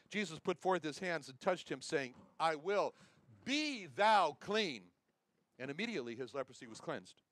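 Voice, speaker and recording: A man's voice: fairly high pitch, fairly bright tone, no echo. A man teaching a sermon, emphatic and repeating his Bible references. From United States. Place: chapel.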